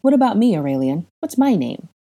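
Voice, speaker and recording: A woman reading a young adult male wizard with a coaxing, gently insistent manner. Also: low-pitched, expressive, moderate pace.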